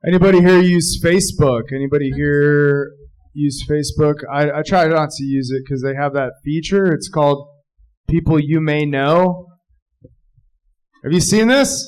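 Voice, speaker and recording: A man with a high voice performs stand-up in a club. He rambles through his bits and now and then bursts into loud shouted voices. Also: moderate pace, faint music behind, rough recording. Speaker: stand-up comedian. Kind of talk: stand-up comedy set. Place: live comedy club.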